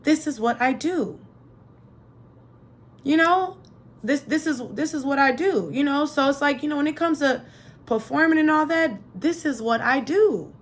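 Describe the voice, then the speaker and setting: A young adult woman hosting a solo motivational podcast in a chatty, animated manner. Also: high voice, normal speed. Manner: lively, chatty, animated, acts out quoted voices. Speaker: podcast host.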